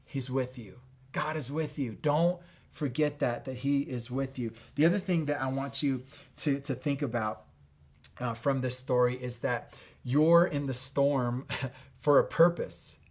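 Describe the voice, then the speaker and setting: A middle-aged man giving a casual faith-based motivational talk. He speaks conversationally, with many fillers and restarts, and grows animated when he retells a story. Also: mid-range voice, unhurried. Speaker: fitness instructor and faith speaker.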